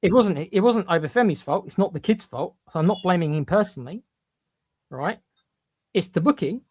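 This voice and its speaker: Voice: medium pitch, expressive, fairly quick, a little mellow, breathy edge, no echo. A podcast co-host giving blunt, emphatic opinions, often stumbling into repeated restarts.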